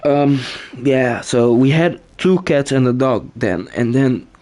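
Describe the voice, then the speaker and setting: A man's voice: medium pitch, takes it slowly, darkish tone. A man venting while he plays a game, agitated, restarting and repeating words and swearing as he tells his story. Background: game audio and music.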